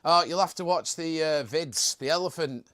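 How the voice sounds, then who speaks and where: A man's voice: fairly high pitch, normal speed, fairly bright tone. A young man hosting a casual live stream, chatting in a jokey way and reading out viewer comments.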